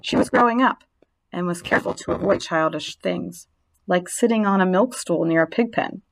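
A woman narrating a storybook reading aloud, gentle and expressive. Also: lowish voice, moderate pace, gravelly.

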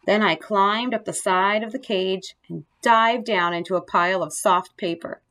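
A woman's voice: mid-range voice, fairly even intonation, normal speed, fairly bright tone. Woman reading a storybook aloud. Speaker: narrator. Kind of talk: storybook narration.

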